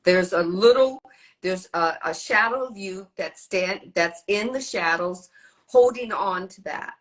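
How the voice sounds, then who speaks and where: A woman in a casual podcast conversation. She explains her ideas haltingly and restarts phrases as she searches for words. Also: medium pitch, rough recording. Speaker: podcast guest.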